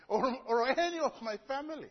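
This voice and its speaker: High-voiced husky man from Africa, preaching. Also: moderate pace, dull audio. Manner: lively storytelling with humorous asides. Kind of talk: sermon. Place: church before a congregation.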